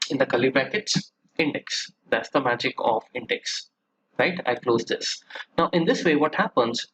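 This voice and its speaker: A man talking through a software tutorial as he clicks along, chatty and explanatory. He keeps checking in with the listener and pushes his voice up to stress a point. A faint hiss sits under the voice, with mouse clicks now and then. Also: mid-range voice, rough recording. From India. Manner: chatty, frequent "right?" check-ins, rising emphasis. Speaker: software trainer. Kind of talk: screen-recorded software tutorial.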